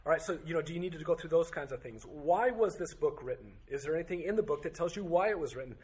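A man's voice: on the high side, expressive, fast, darkish tone. A man teaching a Bible study class, firing off strings of rhetorical questions with occasional joking asides. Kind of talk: teaching to a group.

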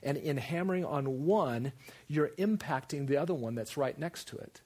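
A man preaching a sermon, animated, repeating phrases for emphasis and jumping into quoted voices. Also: on the high side, moderate pace, husky.

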